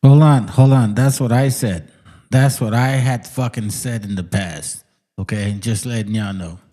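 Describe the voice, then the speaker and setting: A man chiming in as a co-host, talking very slowly in a dark, mellow voice. He sounds incredulous and swears freely in casual chat. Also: mid-range voice. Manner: incredulous and profane.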